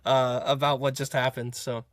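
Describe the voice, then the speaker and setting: This young male college football player, in a casual interview, rambles through a story full of fillers and restarts. His mid-range voice has a flat delivery at a moderate pace, captured with clean studio sound and no echo.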